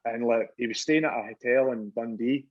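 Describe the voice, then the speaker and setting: Over lo-fi audio, a former footballer from Scotland, middle-aged, speaks a little fast in a mid-range voice. He's an animated anecdote-teller in casual conversation, laughing and cursing frequently.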